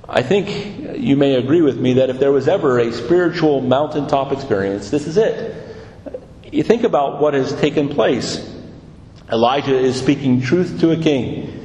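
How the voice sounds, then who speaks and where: A man's voice: medium pitch, expressive, normal speed, darkish tone. A man preaching a sermon, reading scripture and then retelling it earnestly and with emphasis. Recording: echoey hall, dull lo-fi sound.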